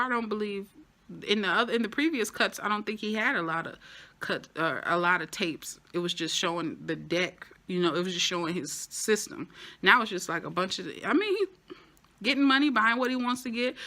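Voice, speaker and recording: Her voice bright and forceful, a woman reviewing a TV show gives an animated, casual recap sprinkled with playful asides. When something thrills her, her voice shoots up high.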